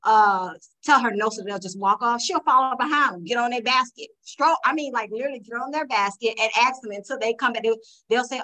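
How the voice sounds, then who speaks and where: Woman telling lively stories. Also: on the high side, fairly quick, low-quality recording. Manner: animated storytelling, acting out customers' lines. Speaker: panel guest. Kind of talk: casual podcast discussion.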